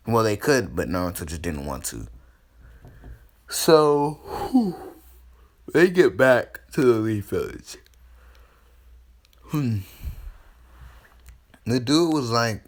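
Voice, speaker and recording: A man's voice: mid-range voice, sing-song, takes it slowly, long pauses. A man casually retelling a fan story, rambling with lots of fillers. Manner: rambling, full of fillers and restarts.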